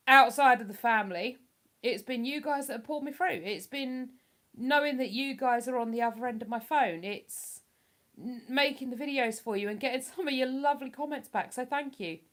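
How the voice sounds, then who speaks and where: A chatty woman talks straight to her livestream viewers with a slightly high voice. She rambles, restarts her sentences and pokes fun at herself as she answers comments. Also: fairly bright tone. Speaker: livestream host reading chat. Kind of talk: casual live chat.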